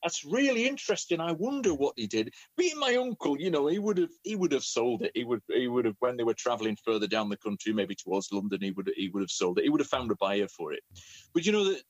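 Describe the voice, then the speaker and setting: Animated male storyteller, dry sound. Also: mid-range voice, fast talker, dry recording, muffled recording. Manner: animated, repeats words as he talks. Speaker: professional storyteller and children's author. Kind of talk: conversational storytelling.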